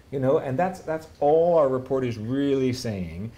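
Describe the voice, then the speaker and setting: A man with a Canadian accent speaking at a conference event, wry and lively, with rhetorical questions. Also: mid-range voice, moderate pace. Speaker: panel speaker. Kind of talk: public talk, answering questions. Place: conference hall.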